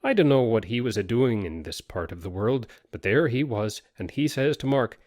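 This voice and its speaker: A man reads a folk tale aloud in a folksy rustic dialect. His pitch rises and falls a lot, and the voice sounds dry and close to the mic. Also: moderate pace, hardly any pauses, no echo. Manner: lively rustic dialect storytelling. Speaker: narrator. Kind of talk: storytelling reading.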